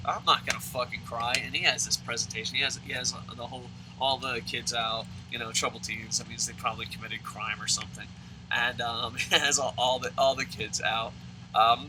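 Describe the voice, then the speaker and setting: A young man tells a rambling, profane story while playing a video game, his voice at an ordinary middle pitch. He talks casually and keeps swearing. A steady hum of background noise sits under the recording. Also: fairly quick, low-quality recording. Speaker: let's play commentator. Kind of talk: casual storytelling over gameplay.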